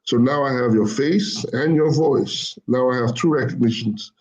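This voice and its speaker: Mellow-voiced man explaining, rambling. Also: mid-range voice, moderate pace, lo-fi sound. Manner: rambling, repeats phrases, self-corrects often. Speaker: guest explaining machine learning. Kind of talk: casual explanatory talk.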